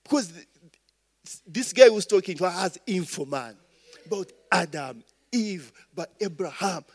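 Ugandan male pastor, middle-aged, slow and rambling sermon delivery, fairly high voice, keeps checking in with the crowd. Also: expressive, breathy edge. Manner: rambling, call-and-response asides, frequent "eh?" and "okay?".

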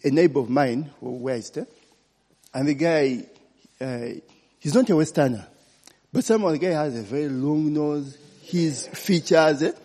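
A man's voice: fairly high pitch, normal speed, pauses often, mellow. Preaching man, echoing hall. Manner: chatty, frequent "eh?" and "okay?" check-ins. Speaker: pastor. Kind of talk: informal sermon. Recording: long hall reverb.

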